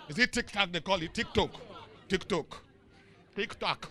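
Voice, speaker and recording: A middle-aged man with a Nigerian accent preaching a sermon in call-and-response style. He swings from soft asides to shouts and chuckles often. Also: high-pitched, unhurried, long pauses, a faint crowd. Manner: chuckles often mid-sentence. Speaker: pastor.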